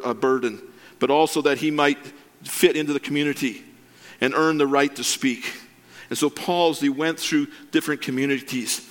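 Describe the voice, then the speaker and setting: A male pastor delivering a sermon in an earnest, measured tone. His voice sits in an ordinary middle pitch. Now and then he drops into a wry, self-deprecating aside before returning to the message. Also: a bit bright.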